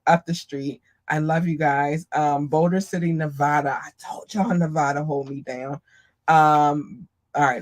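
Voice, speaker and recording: A woman hosting a live podcast, casually giving affectionate shout-outs to listeners and often squealing her greetings. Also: deep voice. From Maryland, US. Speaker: podcast host.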